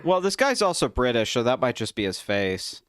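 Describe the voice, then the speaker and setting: A young man in a casual chat, talking in a smooth, resonant voice that sounds dry and close, with no room behind it. He is animated and swears freely, and his pitch leaps up whenever he gets worked up. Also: normal speed, no room sound. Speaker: podcast co-host.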